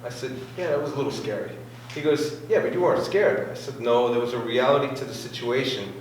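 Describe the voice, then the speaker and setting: In a very echoey room with faint noise, a man far from the mic recounts a racing anecdote to his club. His medium-pitched voice moves at a quick pace, and he acts out quotes and sound effects throughout the casual story.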